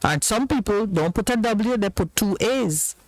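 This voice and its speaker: A man's voice: high voice, expressive, normal speed, no room sound, rough recording. A Jamaican man hosting a radio talk show, chatting casually and laughing often.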